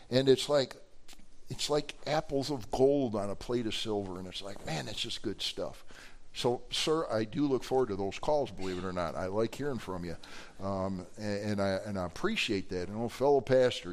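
A man preaching a sermon, telling stories animatedly and rising to loud emphasis. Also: fairly low pitch, normal speed.

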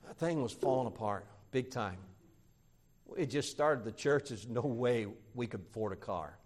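A middle-aged man, a pastor, telling a story in a sermon and acting out the people he quotes with lively voice changes. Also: mid-range voice, moderate pace.

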